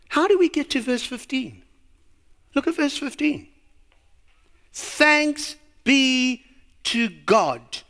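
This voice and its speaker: A man's voice: very high voice, a bit bright. A man preaching a sermon, telling a story with a lot of animation and asking rhetorical questions.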